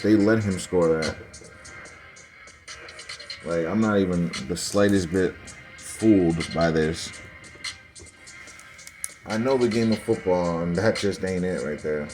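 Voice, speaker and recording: Low-voiced man doing casual football commentary. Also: darkish tone, poor audio. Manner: conspiratorial, dismissive, talks to viewers directly. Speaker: sports video host. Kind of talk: casual commentary over game footage.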